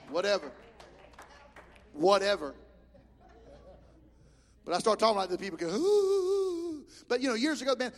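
A man preaching a Pentecostal sermon as pastor in a church, impassioned, with shouted peaks and stammered restarts. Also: high-pitched. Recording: long reverb of a large hall.

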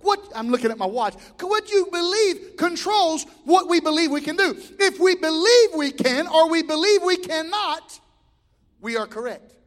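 Middle-aged pastor guy preaching, really high voice, big echo like a church hall, goes loud then quiet. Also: expressive, moderate pace. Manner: swings from shouting to quiet storytelling. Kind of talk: sermon. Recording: long hall reverb.

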